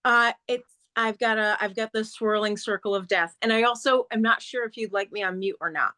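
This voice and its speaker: A woman's voice: fairly high pitch, steady tone, fairly quick, bright, forceful tone. A woman attendee chatting casually on a video call. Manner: chatty and friendly. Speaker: workshop attendee. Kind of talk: casual chat.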